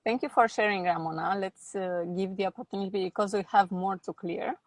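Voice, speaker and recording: A woman facilitating a group session, guiding participants through an exercise with slow, instructive prompts. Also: medium pitch, steady tone. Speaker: workshop facilitator.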